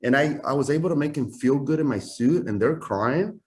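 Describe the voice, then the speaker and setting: A man in his fifties, a suit maker talking casually as an interview guest, self-assured and animated, often tagging lines with "right?". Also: medium pitch, brisk.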